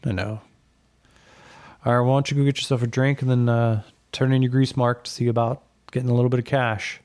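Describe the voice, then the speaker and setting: A man voicing an aging army general who speaks calmly and folksily, calling the younger man son. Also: mid-range voice, fairly quick, clean tone, dry recording, lightly acted. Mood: fatherly. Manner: calm, folksy, calls others son. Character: gruff aging male army general, fatherly.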